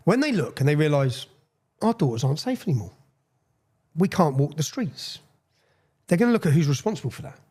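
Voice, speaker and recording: A man's voice: fairly high pitch, sing-song, fairly quick, long pauses, darkish tone, slightly rough. A man with an English accent giving a TV interview, speaking in a defiant, emphatic way and repeating phrases for weight.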